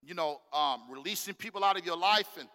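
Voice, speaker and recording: A middle-aged man preaching a sermon, animated and slang-filled, calling out to the congregation in a church. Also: sits high, a little fast, big-room sound. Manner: casual slang-filled delivery. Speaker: pastor. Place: church sanctuary.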